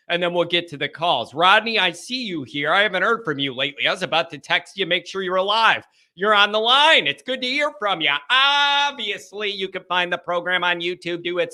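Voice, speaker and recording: A man hosting a live call-in sports show, energetic and playful, with a raspy voice stuffed up from his sinuses. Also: sits high, brisk. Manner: energetic and animated, playful rhymes. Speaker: host.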